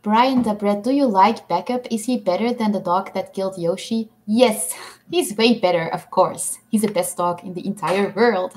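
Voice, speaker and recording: A woman's voice: mid-range voice, normal speed, darkish tone, a little hiss or hum. A woman hosting a casual livestream, reading viewers' comments aloud and answering them with frequent ums and little laughs. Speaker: livestream host.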